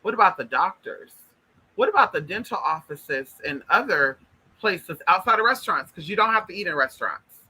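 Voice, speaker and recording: A man's voice: sits high, lively intonation, normal speed, sharp tone, a little hiss or hum, poor audio. A man talking straight to his viewers in a casual vlog monologue, emphatic and repetitive, calling them honey and y'all. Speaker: spiritual vlogger. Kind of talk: casual direct-to-camera monologue.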